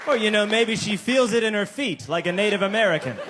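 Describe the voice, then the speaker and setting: Lively high-voiced man telling a stand-up story. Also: a little fast, background noise. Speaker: stand-up comedian. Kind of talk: stand-up comedy set.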